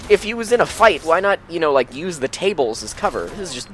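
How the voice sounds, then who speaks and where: A man joking sarcastically while watching a friend play a shooter game, often trailing off into a low mutter. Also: very animated, fast, a bit bright. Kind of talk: casual let's play commentary.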